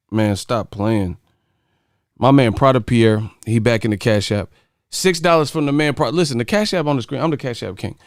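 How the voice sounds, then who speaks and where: A man's voice: medium pitch, no room sound, studio quality. A man hosting a casual livestream chat, joking with viewers and breaking into sung snippets and movie impressions. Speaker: livestream host.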